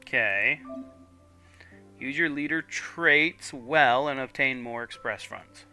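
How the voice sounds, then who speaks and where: Very bright-voiced male gaming streamer. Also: medium pitch, takes it slowly, soft background music. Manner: reads on-screen text with frequent "okay" fillers. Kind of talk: casual game commentary, reading text aloud.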